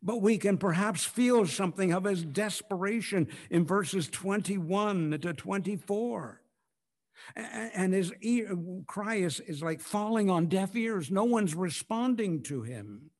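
A man preaching a sermon, swinging from hushed, drawn-out phrases to loud, ringing declarations as he acts out scripture. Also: high-pitched. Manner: dramatic swings from hushed to loud, acting out quotes.

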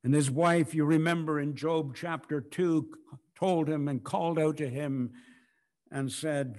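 A male preacher delivering a sermon in a fairly high voice. He speaks slowly and deliberately. His delivery swings between hushed, drawn-out lines and loud, ringing outbursts as he acts out scripture. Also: fairly even intonation. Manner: dramatic swings from hushed to loud, acting out quotes.

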